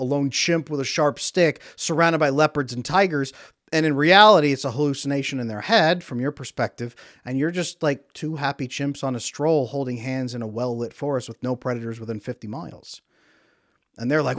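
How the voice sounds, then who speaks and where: A man's voice: mid-range voice, no echo, studio quality. Emphatic man coaching to camera. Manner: emphatic, repetitive, acts out quotes. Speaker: relationship coach.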